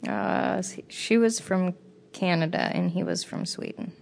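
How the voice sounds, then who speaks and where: A young woman telling travel stories on a casual podcast, acting out what people said and swearing freely. Her voice sits a little low and carries a gravelly fry. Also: unhurried, a little hiss or hum. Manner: animated storytelling with quoted dialogue and swearing. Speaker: podcast co-host. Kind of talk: casual chat.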